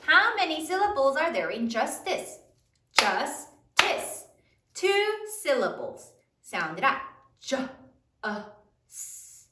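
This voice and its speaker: A woman teaching a spelling lesson to third graders, slowly sounding out each letter in a sing-song way. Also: sits high, very animated, sharp tone, roomy sound, far from the mic. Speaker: elementary school teacher.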